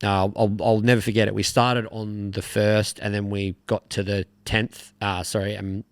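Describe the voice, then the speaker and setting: A man's voice: fairly low pitch, flat delivery, normal speed, clean tone, no echo. Laid-back Australian man telling golf stories. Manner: rambling storyteller, laid-back, swears casually. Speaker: podcast co-host. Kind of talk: casual chat.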